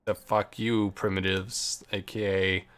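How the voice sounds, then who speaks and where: Excitable man commenting on gameplay. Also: low voice, measured pace, clean tone. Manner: swears freely, bursts into loud excitement. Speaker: gameplay streamer. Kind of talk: casual let's play commentary. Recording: faint music behind.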